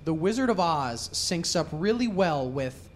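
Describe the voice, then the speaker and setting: A stand-up comedian telling jokes with deadpan setups and animated impressions. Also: medium pitch, a little slow, slight background noise. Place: comedy club stage.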